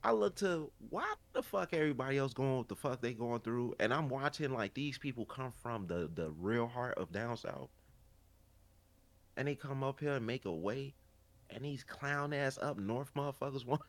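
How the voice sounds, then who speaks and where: A man with a Chicago accent talks in a relaxed podcast chat. His voice sits at an ordinary middle pitch, and he tells stories in an animated, profane way, full of slang. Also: moderate pace, gravelly. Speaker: podcast co-host. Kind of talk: casual chat.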